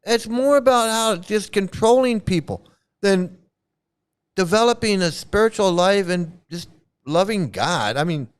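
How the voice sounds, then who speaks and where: A commentary channel host with a high, clear, resonant voice and lively intonation rants in a casual video. He's unhurried but exasperated, blunt and freely profane, and keeps repeating himself.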